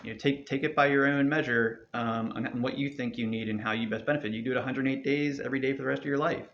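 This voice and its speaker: Man, meditation teacher, loose encouraging delivery, mid-pitched, dull lo-fi recording. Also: steady tone, quick pace, slight background noise. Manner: loose, rambling, encouraging, with many fillers. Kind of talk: casual spoken instruction. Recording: dull lo-fi sound.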